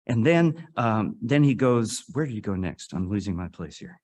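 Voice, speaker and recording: A man giving a sermon to a congregation, telling a story earnestly, with dramatic rises and hushed drops. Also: lowish voice, big pitch swings, normal speed. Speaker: guest speaker at a congregation. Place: worship service hall.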